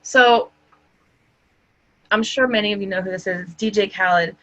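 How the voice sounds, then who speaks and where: A woman's voice: mid-range voice, normal speed, fairly bright tone, lo-fi sound. A woman giving a conversational motivational talk, speaking directly to her audience in an upbeat way. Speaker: summit speaker.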